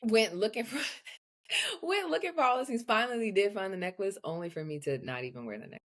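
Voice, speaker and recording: A woman co-hosting a podcast, chatting casually with a friend. She talks bluntly and swears freely. Her voice sits at a middling pitch and jumps higher when she gets worked up. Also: a little fast. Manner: blunt and profane, swings into excited high bursts. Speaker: podcast co-host. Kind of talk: casual chat.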